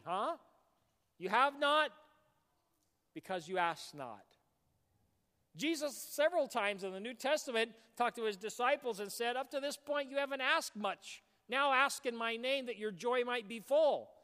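A man preaching a sermon as pastor, animated, breaking into shouts, in a church. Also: sits high, clear, resonant tone. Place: church sanctuary. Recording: long hall reverb.

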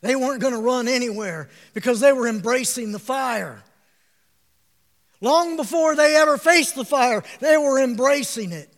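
A man preaching an emphatic sermon, calling out to his listeners for responses and breaking into shouts. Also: extremely high pitch, lively intonation, normal speed, long reverb tail.

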